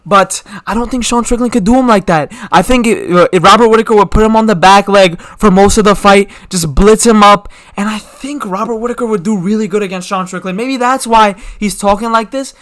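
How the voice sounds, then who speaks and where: A man's voice: high-pitched, brisk, few pauses, a bit bright, no room sound. A young man hosting his own channel, giving casual, slangy opinion commentary full of rhetorical questions. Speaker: MMA commentary channel host.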